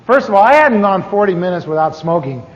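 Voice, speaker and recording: A man's voice: high voice, fast. A middle-aged man teaching a class, telling a humorous personal testimony and acting out the voices of the people in his story. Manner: animated, acts out quoted voices. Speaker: church teacher. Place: large church hall. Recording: echoey hall, dull 1980s tape.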